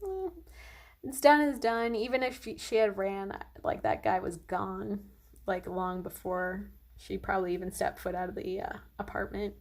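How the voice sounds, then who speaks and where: A woman's voice: mid-range voice, fairly even intonation, moderate pace, a little mellow. A young woman vlogger telling a long personal story in a casual, rambling way, full of fillers and "like".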